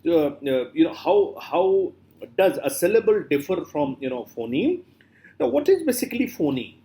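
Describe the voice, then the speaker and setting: Middle-aged male professor, lively intonation, repeats words slowly for students, lots of fillers. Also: on the high side. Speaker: literature lecturer. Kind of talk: classroom lecture.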